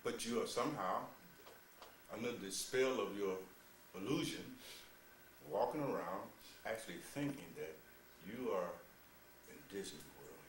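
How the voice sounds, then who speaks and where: A man giving a sermon as a spiritual teacher, calling listeners "beloved," moving between low, measured passages and loud, amused exclamations, with mocking asides and laughter. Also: animated, slight background noise. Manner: addresses listeners as "beloved", asks "you see?". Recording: roomy, distant mic with faint ambience.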